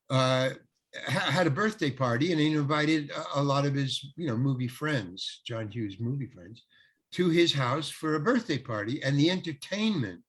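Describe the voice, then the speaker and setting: Husky-voiced older man telling stories. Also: mid-range voice, fairly bright tone. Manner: rambling, acts out quoted dialogue, frequent restarts. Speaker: guest actor. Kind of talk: casual anecdotal storytelling.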